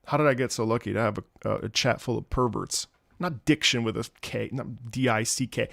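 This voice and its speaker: A brisk young male streamer with medium pitch and vocal fry reacts to game music while telling casual stories to his chat. He's animated, laughs often, and voices the people he quotes; the audio is clean studio sound without room tone.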